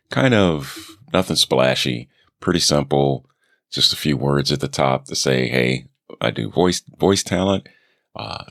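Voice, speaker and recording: Very deep gravelly man, chatty. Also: no echo, studio quality. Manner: relaxed, chatty, self-deprecating asides. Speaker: podcast host. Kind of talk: casual solo podcast update. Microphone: studio microphone.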